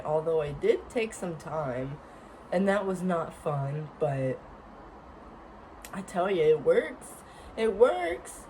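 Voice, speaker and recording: A woman's voice: medium pitch, darkish tone, slight background noise, low-quality recording. A woman vlogger with a stuffed-up nose, chatting casually to her camera, apologetic and laughing often. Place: vacation lodging.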